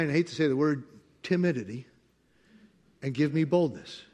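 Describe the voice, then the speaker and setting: A middle-aged man preaching a sermon full of personal stories, dropping to quiet asides and rising to loud, driven preaching as he acts out the voices in them. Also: mid-range voice, expressive, normal speed, pauses often. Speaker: pastor.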